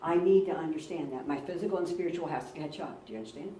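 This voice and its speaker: A fast-talking woman pastor with a deep voice and dark tone delivers a sermon, earnestly recounting personal stories and repeating words to stress them. The recording, made from afar in a roomy church, has a little hiss or hum.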